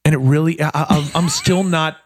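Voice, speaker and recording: A middle-aged man, a podcast guest, telling a story in a casual chat, animated and self-deprecating. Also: fairly high pitch, a little fast, a little hiss or hum.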